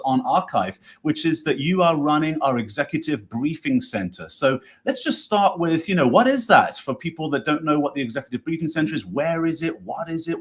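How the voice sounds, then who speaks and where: A man with a New Jersey accent hosting a live online interview, talking in an effusive, enthusiastic, rambling way. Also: on the high side. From United States. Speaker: host.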